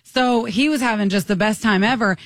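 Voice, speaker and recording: A young woman from Michigan, co-hosting a casual talk show and telling a story in an animated way, laughing often. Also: on the high side, a little fast, dry recording. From Michigan, USA. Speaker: co-host telling a travel story. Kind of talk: casual radio chat.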